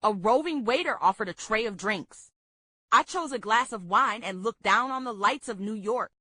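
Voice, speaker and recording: A woman reading a memoir aloud for a book club, steady and measured. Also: a little high, dry recording.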